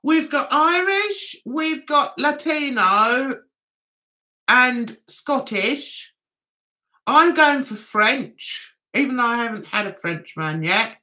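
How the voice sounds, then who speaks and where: Bright, animated Mancunian woman. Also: high-pitched, slow. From Manchester, England. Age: middle-aged. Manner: chatty, giggly, reads viewer comments aloud. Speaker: livestream host. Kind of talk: casual livestream chat.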